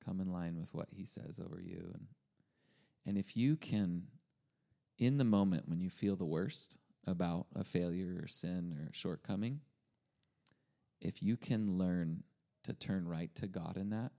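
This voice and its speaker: A man's voice: low-pitched, measured pace, vocal fry, dark tone. A man speaking casually about faith and self-talk, encouraging listeners. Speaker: speaker sharing faith teaching.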